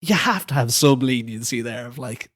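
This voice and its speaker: A man co-hosting a casual football podcast, laughing often and going up in pitch when he gets indignant. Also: animated, normal speed, a bit bright. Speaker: podcast co-host.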